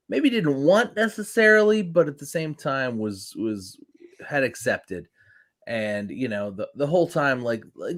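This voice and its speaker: A man's voice: medium pitch, fairly bright tone. A man co-hosting a casual wrestling podcast, talking in a loose, rambling way and filling his sentences with "like". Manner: rambling, heavy use of "like", acts out quotes. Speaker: podcast co-host.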